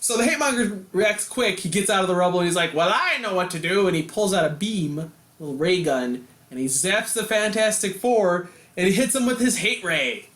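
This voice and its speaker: High-ish voice, guy rambling thru a comic recap, roomy echo. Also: expressive, brisk, a bit bright. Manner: rambling, lots of fillers and restarts, laughs. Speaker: podcast co-host. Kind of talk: casual chat recapping a comic. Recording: echoey room.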